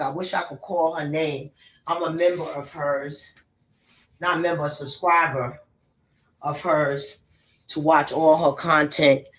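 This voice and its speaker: Blunt, cursing woman in an echoey room. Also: low voice. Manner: blunt, profane, repeats phrases for emphasis. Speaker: spiritual messenger and celebrity commentator. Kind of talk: casual ranting commentary to camera. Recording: roomy echo, distant from the mic.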